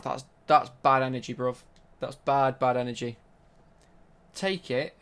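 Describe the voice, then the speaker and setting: A man's voice: medium pitch, creaky, a bit bright. A young man chatting casually on a live stream while he plays, bantering and answering his chat.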